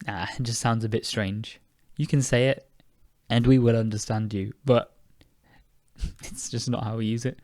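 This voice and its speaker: A young British man hosting an English-learning podcast speaks at normal speed in a medium-pitched, slightly mellow voice. He's an English teacher from the United Kingdom who sounds tired, keeping things casual and chatty while correcting himself and laughing at himself. Studio-quality sound, no echo.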